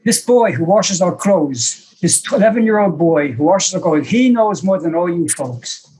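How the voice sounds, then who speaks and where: A man voicing an old guru who gently teases his disciples. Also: high voice, animated, moderate pace, slightly rough, exaggerated voice, low-quality recording. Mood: teasing.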